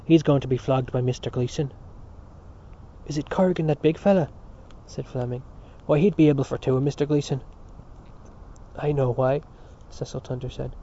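A man's voice: mid-range voice, steady tone, normal speed, mellow, lo-fi sound. A man reading a novel aloud as scripted narration, with a few slips and restarts. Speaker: audiobook reader.

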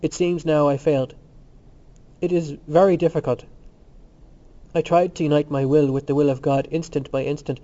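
A man's voice: a little high, fairly even intonation, normal speed, long pauses, dark tone, dull audio, close to an everyday voice. A man voicing a brooding, defiant young student who answers tersely and bitterly.

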